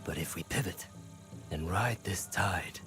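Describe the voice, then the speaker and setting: An actor playing a proud, calculating male warlord in a video game, speaking in measured, lofty lines. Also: low voice, over music. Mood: commanding.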